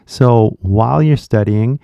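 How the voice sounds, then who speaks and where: A man's voice: medium pitch, slow pace, vocal fry, no room sound. A man with a Californian American accent, hosting his channel as an English teacher and rambling in casual chat straight to viewers. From California, USA. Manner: rambling, animated, talks directly to viewers.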